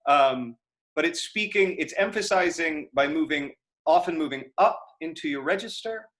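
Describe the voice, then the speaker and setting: Here a man's voice runs a little high and expressive, at normal speed and slightly bright. He's leading an acting class on video, replying to chat questions in a loose, chatty way full of fillers and restarts as he thinks aloud during the lecture Q&A.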